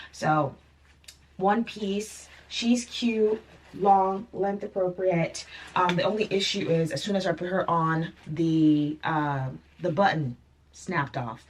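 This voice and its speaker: A young woman chatting casually to camera in a vlog, animated and laughing often. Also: low-pitched, slightly rough. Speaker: vlogger.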